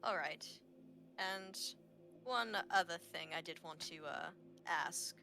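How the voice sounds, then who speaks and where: Woman voicing a polite bright adventurer. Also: lowish voice, slow pace, gravelly, soft background music, pitched below the performer's own voice, full character voice. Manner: polite, formal.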